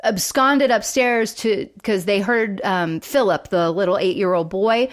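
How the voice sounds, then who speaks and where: A woman's voice: medium pitch, unhurried. A woman co-hosting a podcast, chatting casually as she recaps a sitcom episode and retells its scenes. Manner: chatty, retells scenes with quoted voices and fillers. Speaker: podcast co-host.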